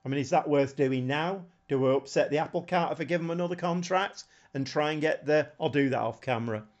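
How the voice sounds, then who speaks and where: A man's voice: on the high side, brisk. A man chatting casually on a live stream, thinking aloud in a rambling way and chuckling often. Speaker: game streamer.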